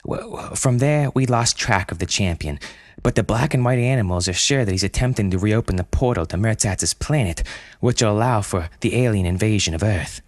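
A man puts on a middle-aged woman president, steady and commanding with a hint of fluster. The voice is lifted above his own and a bit husky, dry and close. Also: lowish voice, moderate pace, no echo, voice pushed up, lightly acted. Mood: determined. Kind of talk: storytelling audio drama.

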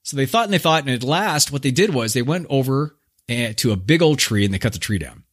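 Guy hosting a podcast, telling an old story super casual and jokey, pitch jumping all over, mid-range voice. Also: lively intonation, brisk, breathy edge. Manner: laid-back, slangy, joking. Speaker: podcast host.

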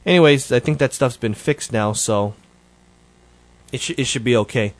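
A man's voice: medium pitch, moderate pace, no echo. Chatty man hosting a show, dry sound. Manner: rambling, conversational, with frequent self-corrections. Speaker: show host. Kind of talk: casual solo update.

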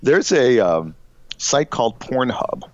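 A man's voice: mid-range voice, big pitch swings, no echo. Rambling middle-aged man. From Illinois. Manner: rambling, halting, with frequent fillers and chuckles. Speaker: podcast co-host. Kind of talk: casual comedic chat. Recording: dull, dry lo-fi podcast audio.

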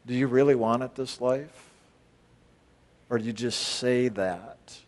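This is a man leading a spiritual retreat, addressing the participants as a group in a mid-range voice and taking his time. His talk is blunt and full of rhetorical questions, punctuated by abrupt emphatic outbursts.

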